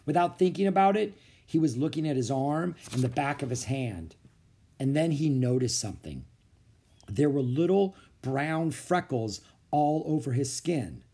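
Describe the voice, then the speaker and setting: Man, storybook read-aloud, expressive, lively pitch, gravelly and husky. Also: moderate pace. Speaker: storyteller reading a children's book.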